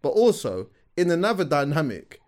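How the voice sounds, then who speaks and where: A man co-hosting a casual podcast, laying out his view and chiming in with quick agreement. His voice sits slightly high with lively, animated pitch. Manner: chatty, explaining with frequent agreeing interjections. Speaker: podcast co-host.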